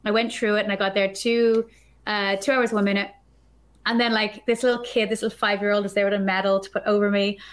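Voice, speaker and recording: A woman guest on a podcast, telling a story in an animated, chatty way, full of filler words. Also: mid-range voice, quick pace. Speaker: podcast guest, developer advocate. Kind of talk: casual storytelling chat.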